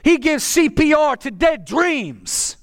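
A man preaching a sermon with passion, often rising to a shout. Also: very high-pitched, big pitch swings, takes it slowly, dry recording. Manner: impassioned, bursts into shouting.

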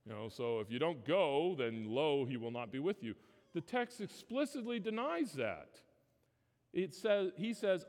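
A male pastor delivering a sermon in a church sanctuary, his voice trailing off in a long hall reverb. He preaches emphatically, with his pitch climbing on key phrases. His voice sits at an average male pitch. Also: lively intonation, unhurried, darkish tone.

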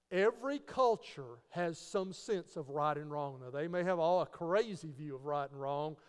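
High, smooth-voiced man teaching with rhetorical questions. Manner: rhetorical questions, spells out key words. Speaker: Christian teacher. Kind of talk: apologetics teaching talk. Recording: long reverb.

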